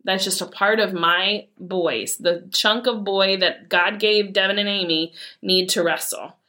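A woman, telling heartfelt family stories in an earnest, animated way as a mother. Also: medium pitch, unhurried. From Michigan, USA. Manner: earnest, heartfelt, animated retelling with quoted dialogue. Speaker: mother sharing a personal story. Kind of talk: personal storytelling talk.

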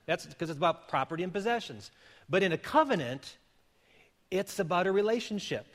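A man's voice: sits high, lively intonation, brisk. A man in his fifties preaching a sermon as a pastor, talking in an earnest, conversational way with frequent restarts. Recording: long hall reverb.

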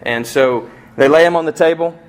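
A middle-aged man preaching a sermon as pastor, telling a family story and acting out the voices in it, with sharp swings from soft to loud. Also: on the high side, normal speed, clear, resonant tone. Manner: storytelling with vivid acted-out quotes and swings in loudness.

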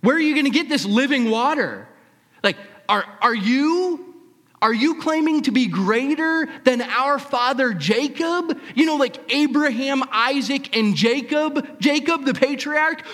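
A man's voice: a bit bright, big-room sound. A preacher voicing an anxious outcast woman at a well, pleading and questioning. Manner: pleading, questioning, rising in pitch. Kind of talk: preacher acting out a scripture scene.

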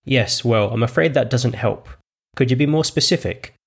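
A man's voice: mid-range voice, slightly rough. A man doing a prim smug young woman. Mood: exasperated. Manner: prim, patronising, measured.

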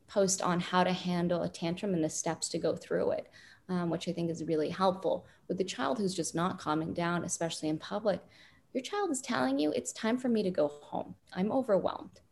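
A woman parenting expert calmly explaining advice in an interview, with many fillers. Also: fairly low pitch, gravelly, slight background noise. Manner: calm, deliberate, frequent fillers.

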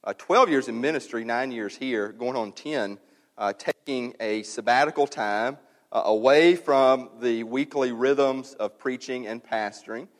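A pastor speaks to his church in a candid, conversational way, full of fillers and asides. His voice carries a long reverb from a large hall. He slows down when he reads a passage aloud. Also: medium pitch. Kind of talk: sermon announcement, conversational.

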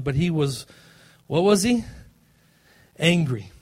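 A male pastor preaching a sermon, emphatic and swinging between loud passages and soft, low ones. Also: expressive, moderate pace.

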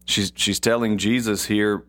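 Man, deep voice, unhurried, devotional Bible reading, repeats phrases for emphasis. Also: fairly even intonation, fairly bright tone. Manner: slow and deliberate, repeats key phrases for emphasis. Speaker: podcast host.

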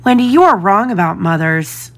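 Peter Pan, a woman doing a soft-spoken wistful boy. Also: medium pitch, lively intonation, moderate pace. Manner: soft, confiding. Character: wistful boy who never grew up.

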